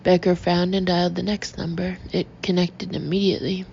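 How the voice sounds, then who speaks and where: A woman narrating an audiobook in a measured, even reading, on a dull lo-fi recording with faint noise. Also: on the low side, gravelly. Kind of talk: scripted narration.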